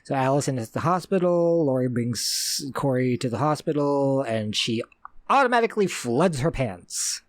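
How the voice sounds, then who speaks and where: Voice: mid-range voice, animated, moderate pace, no echo. A host recapping a horror film as it plays, with sarcastic asides. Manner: narrates the scenes on screen with sarcastic asides. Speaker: movie reaction host. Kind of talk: casual movie reaction commentary.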